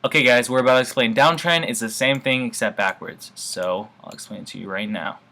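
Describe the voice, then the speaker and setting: A man's voice: medium pitch, fairly quick, pushed and bright. A man teaching forex trading basics over a screen share, talking in an offhand, informal way and calling his viewers guys. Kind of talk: casual screen-share tutorial.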